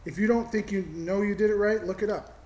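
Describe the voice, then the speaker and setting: A man's voice: sits high, steady tone, a little fast, a little mellow, roomy sound, a little hiss or hum. A man coaching a news reader, correcting pronunciation and giving tips. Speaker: broadcasting coach. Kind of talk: casual coaching.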